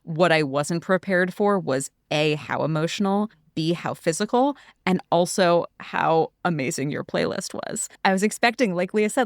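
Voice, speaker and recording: A woman speaking as a guest, telling her story in a casual, animated way. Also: fairly low pitch, moderate pace, hardly any pauses, no echo, clean studio sound. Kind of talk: casual conversation.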